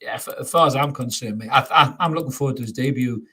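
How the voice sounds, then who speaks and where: A man in the middle of his natural pitch range, chatting casually with a co-host about his football club. He reads viewer comments aloud and banters. His tone is light and playful, with frequent laughs. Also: fast, pushed and bright, breathy edge. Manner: jokey, laughs often, calls his co-host mate. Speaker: co-host of a football fan show. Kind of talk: casual chat reading live comments.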